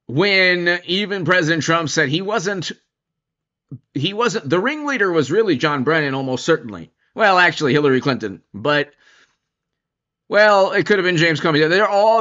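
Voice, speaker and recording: Bright-voiced man rambling through commentary. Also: a little high, highs cut off. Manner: rambling, with many restarts and asides. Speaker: political commentary host. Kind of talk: casual political commentary.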